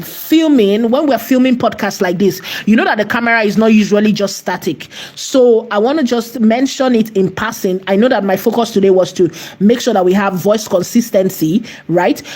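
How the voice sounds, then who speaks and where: A woman's voice: medium pitch, a little mellow. A woman walking viewers through an AI video tutorial, repeating herself and checking in with "okay?" and posing rhetorical questions. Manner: repetitive, checks in with "okay?" and "right?". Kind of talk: screen-recorded tutorial walkthrough.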